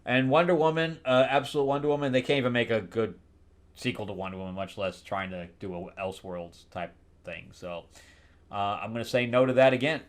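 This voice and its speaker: A man recapping comic books in a loose, sarcastic ramble. He trips over his words and restarts often, and he trails off dryly at the end of lines. His voice sits at an everyday middle pitch. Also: a little fast. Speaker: comic book reviewer.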